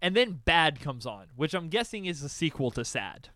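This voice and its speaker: A young man chatting casually on a podcast, telling a story and acting out his own excited reactions. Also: on the high side, normal speed, no echo. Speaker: podcast co-host. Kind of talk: casual chat, album reaction.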